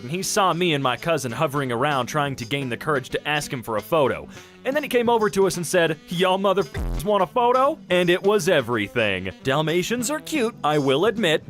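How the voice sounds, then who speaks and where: Lively man reacting to memes. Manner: lively, jokey reactions with sudden high silly voices. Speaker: narrator of meme compilation. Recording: faint music behind.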